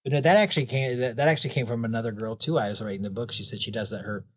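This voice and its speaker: A man of middle pitch who talks in a loose, rambling way, laughing lightly between thoughts. His voice sounds dry and close, with no room around it. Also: rapid-fire, husky, no room sound. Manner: rambling, chuckles often, many "you know"s. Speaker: guest, clown and anti-bullying author. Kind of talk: casual interview chat.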